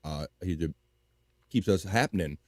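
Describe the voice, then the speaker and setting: A man's voice: low voice, moderate pace, darkish tone, no echo, clean studio sound. A man with a Baltimore accent hosting a live stream in casual chat, laughing often and swearing freely.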